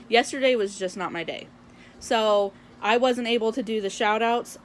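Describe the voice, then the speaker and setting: A young woman vlogger ranting to camera, telling a story in an animated way and acting out the dialogue. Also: a little high, slight background noise. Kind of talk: casual venting rant to camera.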